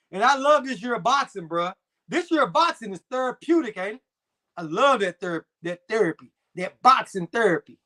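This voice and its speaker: A man's voice: extremely high pitch, bright, forceful tone. A young adult man hosting a live stream, chatting casually with slang and reading viewer comments. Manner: laid-back slangy banter, frequent fillers.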